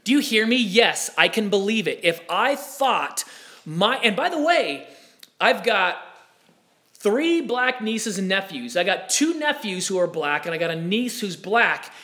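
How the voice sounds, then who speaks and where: A man's voice: high voice, measured pace. Impassioned male talk show host. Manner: impassioned, animated, with frequent asides. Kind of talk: live talk show monologue.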